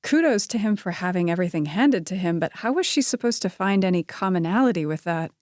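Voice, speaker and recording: A woman narrating a romance novel in an even, measured reading voice on a close studio mic. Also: on the low side, no echo. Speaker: audiobook narrator. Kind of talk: scripted narration.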